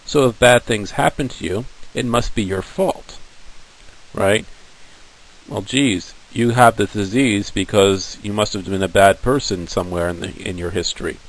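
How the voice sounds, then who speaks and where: A man's voice: on the low side, moderate pace, low-quality recording. A male teacher giving a classroom lecture in a casual, conversational storytelling manner.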